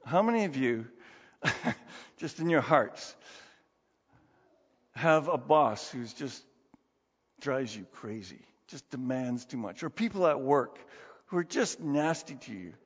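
A middle-aged man preaching a sermon in an animated, conversational way, full of rhetorical questions. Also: mid-range voice, takes it slowly, pauses often, breathy edge. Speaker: pastor. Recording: dull, reverberant hall sound.

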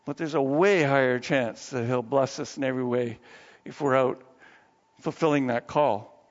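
A male pastor preaching a sermon in a conversational, animated way, dropping to low asides and then rising into excited bursts. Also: normal speed. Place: church sanctuary. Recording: long hall reverb, dull muffled sound.

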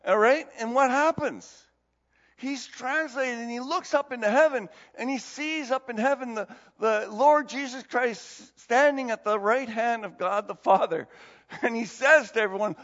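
High-voiced male pastor, lively storytelling. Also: normal speed. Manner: animated, conversational storytelling. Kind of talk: sermon. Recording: dull recording in a long-reverb hall.

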